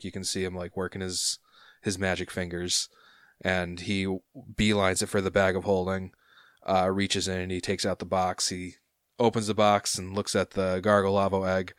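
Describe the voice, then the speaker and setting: A man's voice: low voice, clean tone, dry recording, clean studio sound. A man narrating a tabletop game as game master, rambling with lots of fillers.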